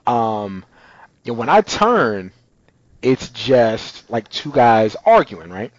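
A man's voice: medium pitch, slow, dry recording, lo-fi sound. A man telling a story in casual chat, acting out the people in it. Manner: animated storyteller, acts out voices.

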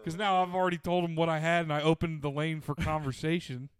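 A man's voice: on the high side, little pitch movement, quick pace, smooth. A man in casual chat, telling a rambling, profane story and laughing often as he goes. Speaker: podcast co-host telling a story.

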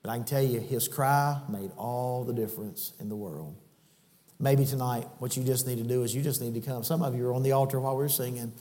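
A man preaching a sermon in a church, shifting between folksy storytelling and loud, high-pitched exhortation. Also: fairly quick. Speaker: guest preacher. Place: church sanctuary. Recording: church hall reverb.

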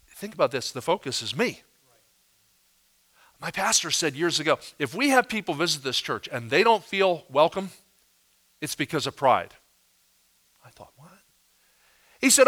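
A man delivers a sermon with a bright, slightly higher voice. He tells stories and slips into other voices for the quotes he acts out. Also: moderate pace, long pauses. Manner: animated storytelling, acting out quotes in different voices. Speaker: pastor.

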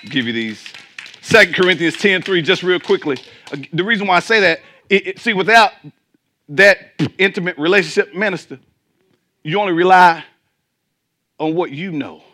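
A man preaching a sermon to his congregation, his voice a bit high and ringing bright. He drives his points home with emphatic peaks, drops into low asides, and keeps throwing questions out to the people in the pews. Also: expressive, normal speed, long pauses. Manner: emphatic, swinging between loud climaxes and low asides. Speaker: pastor.

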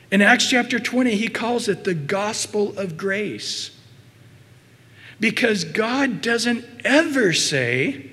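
A man preaching a sermon as pastor, emphatic, sinking to soft low asides and rising to loud, mimicking passages. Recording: long hall reverb.

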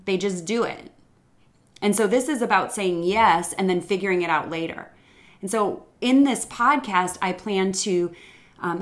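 A middle-aged woman hosting a faith-based podcast, talking in an earnest, reflective monologue with a few hesitant pauses. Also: medium pitch, a bit bright. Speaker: podcast host.

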